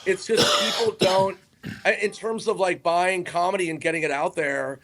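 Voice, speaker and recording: A man's voice: sits high, fairly even intonation, normal speed, a bit bright. A man, a comedian and podcast guest, telling loose, rambling anecdotes in casual chat and cutting himself off mid-sentence. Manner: rambling, self-interrupting anecdotes.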